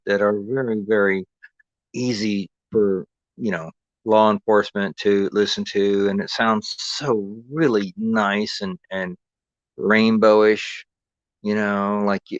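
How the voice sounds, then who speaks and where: A man's voice: on the low side, no room sound, lo-fi sound. A man streaming a sarcastic, confrontational rant, repeating his points. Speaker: live streamer. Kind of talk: angry ranting monologue.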